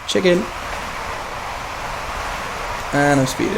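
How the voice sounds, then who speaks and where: A man's voice: medium pitch, moderate pace. A man chatting casually while playing a train simulator, rambling through stories and laughing at himself. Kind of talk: casual gameplay commentary and storytelling. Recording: game noise behind the voice. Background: train simulator engine and rail sounds.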